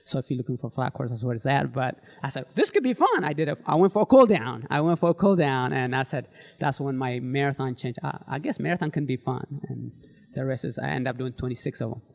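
A man from Eritrea telling running stories in a live interview, animated and acting out the voices of people he quotes, in slightly English. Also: medium pitch, quick pace, gravelly. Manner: animated, acts out quoted voices, non-native grammar. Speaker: guest, marathon runner. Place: physical therapy studio before a live audience.

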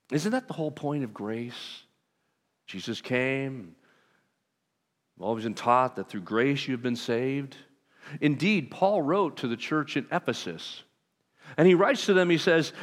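Lively male pastor in a reverberant hall. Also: medium pitch, measured pace, pauses often. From Southern California. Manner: conversational, self-deprecating preaching with lively asides. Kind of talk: sermon. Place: church sanctuary. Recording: long reverb of a large hall.

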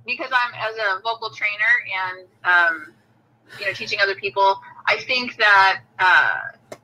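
A woman's voice: medium pitch, a little slow, bright, forceful tone, slight background noise, low-quality recording. A woman who sings and trains voices, speaking in a casual interview, agreeable and hesitant with many fillers. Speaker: singer and vocal trainer.

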